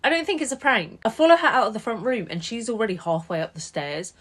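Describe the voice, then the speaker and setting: A woman in her late twenties telling a personal story to a phone camera, animated and indignant, with quick asides. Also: on the high side. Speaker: TikTok storyteller.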